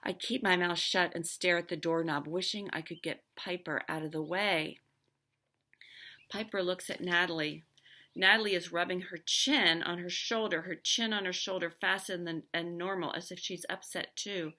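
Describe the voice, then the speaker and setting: A woman's voice: lowish voice, fairly even intonation, normal speed, pushed and bright. A woman teacher reading a novel aloud with expression, stopping now and then to comment on the story.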